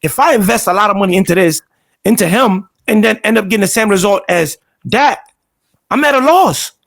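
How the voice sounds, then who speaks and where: High, gravelly sports talk host. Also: male voice, fairly quick. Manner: animated, rambling, frequent restarts. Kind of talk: casual sports debate.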